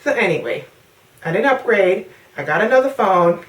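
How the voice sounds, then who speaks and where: A young woman from the Caribbean, pregnant, telling a sassy, animated story in a casual rant to the camera. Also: mid-range voice, moderate pace, distant mic. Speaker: vlogger. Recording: echoey, from off the mic.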